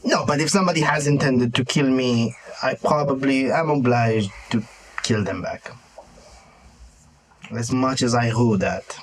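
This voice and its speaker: A formal, well-spoken male adventurer who slips French words into his speech, as a man voices him. He talks in a measured, deliberate way with small hesitations, at an ordinary middle pitch. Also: close to an everyday voice, low-quality recording. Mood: grave.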